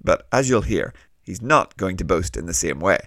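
A man with a low, gravelly voice hosts a children's Bible lesson. He explains things in a friendly way and his pitch moves a lot. The sound is close and dry. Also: big pitch swings, normal speed, a bit bright, no echo. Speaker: host.

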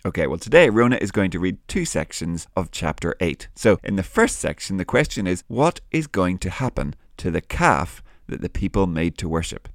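A man with a lowish, gravelly voice hosting a children's Bible podcast. He explains things gently for kids, his pitch moving freely, with a dry, close sound. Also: sing-song, moderate pace, hardly any pauses, dry recording. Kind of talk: friendly scripted chat.

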